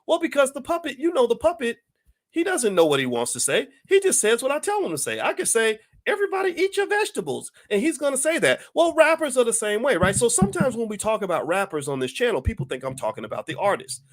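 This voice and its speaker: High, lively man giving passionate commentary. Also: fast, no room sound. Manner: impassioned, emphatic, full of rhetorical questions. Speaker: channel host. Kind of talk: opinion commentary monologue.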